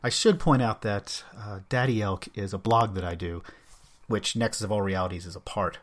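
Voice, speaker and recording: A man's voice: lowish voice, moderate pace. A man hosting a solo comics podcast, talking with a wry, self-mocking humor. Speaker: podcast host.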